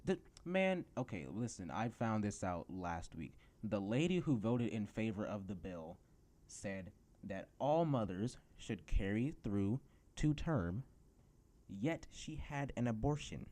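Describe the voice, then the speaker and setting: A teenage guy hosts his own podcast with a low-pitched voice. He rants in a sarcastic, excitable way and often jumps up in pitch for emphasis. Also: slow. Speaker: podcast host. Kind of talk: solo rant podcast.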